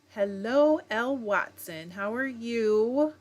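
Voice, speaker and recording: A woman's voice: a little high, slow pace, few pauses. A middle-aged woman hosting a casual livestream from home, reading viewer comments aloud and greeting people by name in a chatty way. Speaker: livestream host reading chat. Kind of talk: casual chat.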